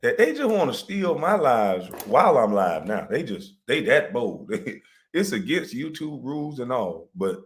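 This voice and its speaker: A man's voice: medium pitch, big pitch swings, unhurried. A man hosting a livestream, ranting profanely and mockingly, breaking into laughter. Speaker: livestream host. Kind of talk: profane comedic rant.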